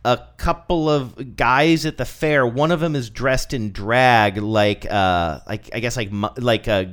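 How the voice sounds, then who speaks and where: A man's voice: medium pitch, measured pace, fairly bright tone. Rambling male podcast co-host. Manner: rambling, chatty, with many fillers. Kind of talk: casual chat.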